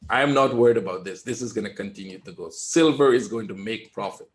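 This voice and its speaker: A man giving live trading commentary in a webinar, calm and reassuring, repeating his points and often asking "right?". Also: lowish voice, fast talker. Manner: emphatic, talks straight to viewers. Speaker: trader teaching a webinar.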